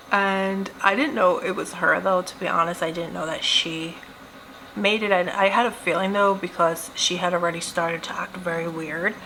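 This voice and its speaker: Giggly chatty woman, bright voice. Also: fairly low pitch, a little hiss or hum, low-quality recording. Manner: chatty, giggly, animated retelling. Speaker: beauty vlogger. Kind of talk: casual storytime while doing makeup.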